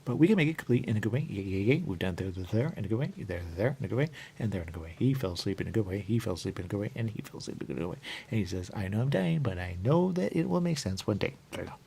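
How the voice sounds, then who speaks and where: This radio show host has a lowish, husky, gravelly voice with a warm tone, and he races along expressively. In a rambling talk-show monologue, he keeps looping back to the same phrases, lapses into sing-song murmurs, and says "there you go" again and again.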